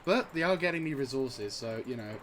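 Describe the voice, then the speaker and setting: A man casually commenting on a strategy game, rambling and excitable, swearing freely and chuckling at his own jokes. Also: mid-range voice, a little fast, slight background noise. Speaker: gaming channel host.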